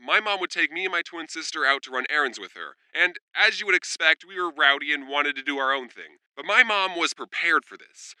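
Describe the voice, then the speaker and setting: Male vlogger, 20s, comedic storytime delivery, bright and smooth voice, sarcastic. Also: high-pitched, no echo, low-quality recording. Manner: sarcastic, deadpan asides, jumps into character voices.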